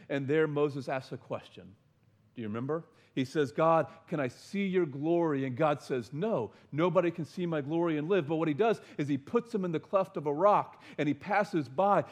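A man's voice: a little high, darkish tone. A man preaching a sermon, earnest, stumbling over and repeating words, often asking his listeners questions. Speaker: pastor.

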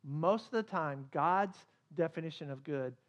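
A man's voice: on the high side, measured pace, dull audio. Dynamic man preaching a sermon. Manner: dynamic, swings between loud emphasis and quiet asides. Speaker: pastor.

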